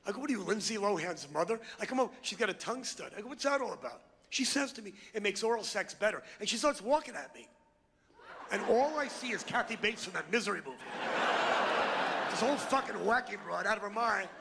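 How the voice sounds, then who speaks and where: A man's voice: high-pitched, expressive, brisk, gravelly, big-room sound, background noise. A middle-aged man doing a stand-up routine, ranting and insulting the crowd in a brash manner on a club stage. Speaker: stand-up comedian. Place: comedy club before a live crowd.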